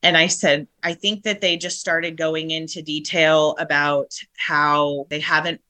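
A middle-aged woman, shaken, telling a painful personal story in a halting way with many restarts. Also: low-pitched, level tone, bright, forceful tone. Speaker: guest.

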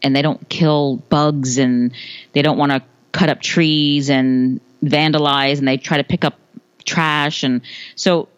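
A woman's voice: deep voice, steady tone, measured pace, clear, resonant tone, no echo, muffled recording. A woman in her thirties talks about her kids as a podcast guest. She laughs easily and often restarts her sentences. Her voice is recorded close and dry, with no room sound. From United States. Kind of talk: casual interview answers.

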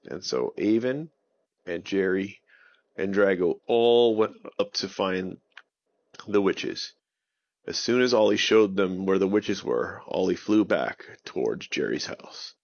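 Man, bedtime storyteller, gentle, slow, gravelly. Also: low-pitched, highs cut off.

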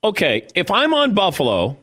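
Brief: male sports radio host, conversational, slightly high voice with big pitch swings. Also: wildly swooping pitch, normal speed, fairly bright tone, a little hiss or hum.

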